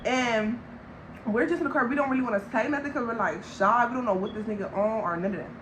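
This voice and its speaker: A young woman from Long Beach tells a storytime vlog. Her voice sits a touch high, and she speaks in a loose, slangy way while addressing her viewers directly. A faint background hum sits under the recording. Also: fast talker. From Long Beach, California. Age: young adult. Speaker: vlogger.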